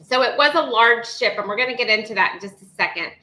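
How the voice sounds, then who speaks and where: A chatty woman co-hosting a casual livestream, talking quickly and reading viewer comments aloud. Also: a little high, sharp tone, echoey room, poor audio. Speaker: livestream co-host.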